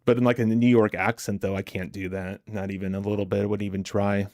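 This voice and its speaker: A man's voice: on the low side, flat delivery, fast, a little mellow, no echo, studio quality. A man hosting a live trading stream, chatting casually with viewers in a chatty, self-deprecating way and laughing easily.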